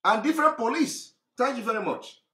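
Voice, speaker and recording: Speaking fairly quickly, a man with a very high, animated and slightly bright voice delivers a fiery political monologue in a roomy, echoing space. He's a political activist broadcaster from southeastern Nigeria with a Nigerian accent, impassioned and mocking, laughing between his points.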